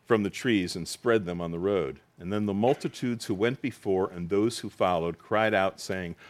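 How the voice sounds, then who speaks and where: A man preaching a sermon in a conversational, expressive way, rising high for quoted lines and dropping low for emphasis. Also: moderate pace, few pauses. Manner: conversational, with asides and laughs. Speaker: pastor.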